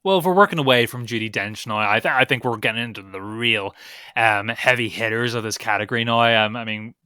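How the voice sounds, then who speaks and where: A young man with a Northern Irish accent, co-hosting a casual film podcast and giving opinionated, animated critiques. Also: mid-range voice, fairly quick, clear, resonant tone, dry recording, studio quality. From Northern Ireland. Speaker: podcast co-host.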